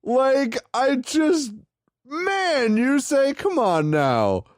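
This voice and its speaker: A young man co-hosting a casual podcast, excitable and swearing, jumping up in pitch when worked up. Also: very slow, dry recording, studio quality. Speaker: podcast co-host. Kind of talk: casual chat.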